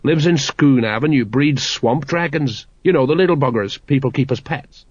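A man's voice: mid-range voice, moderate pace, breathy edge, no room sound, natural voice. A man voicing a dim, jovial older watch sergeant with a knowing, self-satisfied manner, on a dry, slightly dull recording.

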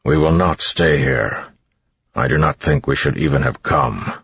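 Man voicing a curt grim man, very deep husky voice, dull recording. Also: a little slow, a bit bright, no echo, exaggerated voice.

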